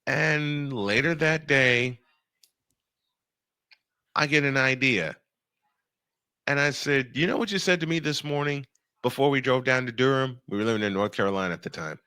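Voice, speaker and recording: A man hosting a radio show, telling a funny story in casual chat, animated and laughing often. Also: mid-range voice, clean tone, dry recording, studio quality. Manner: animated, laughing, quick bursts of speech. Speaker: radio and podcast host.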